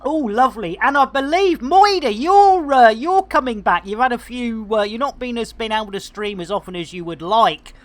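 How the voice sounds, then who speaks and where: A man chatting while streaming a game, rambling and joking with slang, giving lively shout-outs to his viewers. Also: very high voice, normal speed, few pauses. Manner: chatty, jokey, rambling, full of British slang. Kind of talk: live-stream game commentary.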